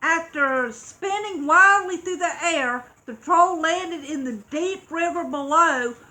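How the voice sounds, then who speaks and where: A woman reading a children's story aloud, expressive and acting out dramatic sound effects. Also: extremely high pitch, takes it slowly, low-quality recording.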